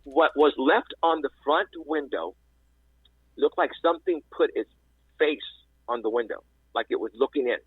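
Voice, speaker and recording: A man, calling into a radio show and telling a story in a rambling, animated way with lots of restarts. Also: medium pitch, normal speed, no echo. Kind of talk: casual storytelling. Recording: dry, husky phone-line audio.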